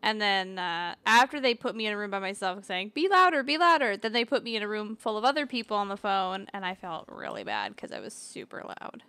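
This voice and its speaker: Bright-voiced young woman streamer. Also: mid-range voice, a little fast, few pauses, clear, resonant tone, dry recording. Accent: Canadian. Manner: animated, loud, laughing storyteller. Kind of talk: casual gaming stream chat.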